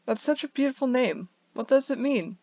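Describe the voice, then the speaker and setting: A woman's voice: high voice, lively intonation, normal speed, warm tone, no echo, pitched above the performer's own voice. This is a kind, chatty young barista from a bedtime storybook, voiced by a woman who reads the whole tale. He tells his story with amusement. The recording is dry and dull, like a lo-fi home setup. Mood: friendly.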